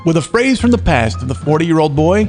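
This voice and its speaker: Guy doing a loud cheesy announcer voice, faint music underneath. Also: very animated, a little fast. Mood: grandiose. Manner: booming showman announcer. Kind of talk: mock announcer intro.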